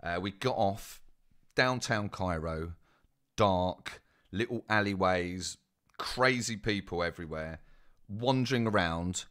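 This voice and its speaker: A young man tells a casual story in a very deep, low voice. He is chatty and self-mocking, often turning to his listeners with asides. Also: slow, fairly bright tone. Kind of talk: casual spoken anecdote.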